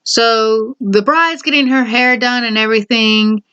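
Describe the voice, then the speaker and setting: A young woman giving her opinion in casual vlog chat, animated and often exclaiming. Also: a little high, measured pace, clear, resonant tone. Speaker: vlogger. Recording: dull lo-fi recording.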